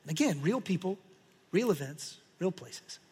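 A man preaching a sermon as pastor, telling the story in an animated way and acting out the crowd's reactions. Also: sits high, moderate pace, husky. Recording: long hall reverb.

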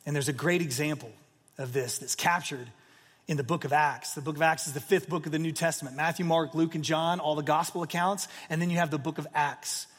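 A man in his forties delivers a sermon in a loose, storytelling style, leaning on "you know" and "like." His voice sits fairly high for a man. The sound carries a long reverb, as in a large hall. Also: steady tone, fairly quick, fairly bright tone, breathy edge. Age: 40s. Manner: storytelling, conversational with many fillers. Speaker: pastor.

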